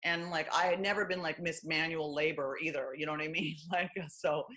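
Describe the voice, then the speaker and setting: A woman's voice: low voice, fairly even intonation, a little fast, pushed and bright. A middle-aged woman guest speaking bluntly and with self-mocking humor, acting out other people's lines in candid interview chat. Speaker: author and guest.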